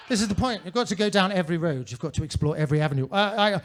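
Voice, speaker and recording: A man's voice: sits high, animated, racing, hardly any pauses, a little hiss or hum. A male stand-up comedian performing in a comedy club with a mannered, theatrical, droll delivery into a handheld mic.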